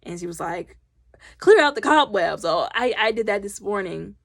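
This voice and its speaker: Animated woman recapping a movie, voice swinging. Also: mid-range voice, normal speed, gravelly, no room sound, clean studio sound. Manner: animated, acts out characters' lines with voice swings; loud. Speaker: movie reviewer.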